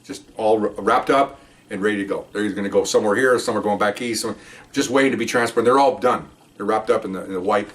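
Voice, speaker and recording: A middle-aged man with a fairly low voice, far from the mic, chats casually. He's a retired police officer rambling through a tale and loudly voicing the people involved.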